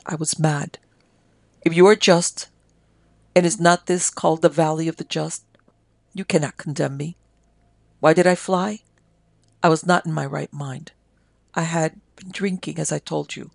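Reader voicing a delirious major, pleading, feverish, gravelly. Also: mid-range voice, steady tone, a little slow, long pauses, dry recording. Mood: terrified, pleading. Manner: feverish, pleading, raving confession. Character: delirious army major, guilt-ridden man.

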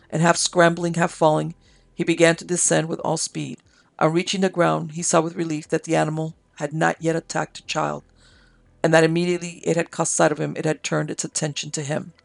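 A man reading history and a story aloud in a slow, measured way. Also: on the high side, gravelly, no room sound. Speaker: audiobook narrator. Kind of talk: scripted narration of history and story.

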